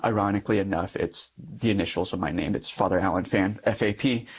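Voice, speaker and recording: A young adult priest in the Catholic Church speaks fast in a deep voice with a breathy edge as he gives a personal testimony in conversation. Acting out the dialogue of his story, he laughs lightly and frequently.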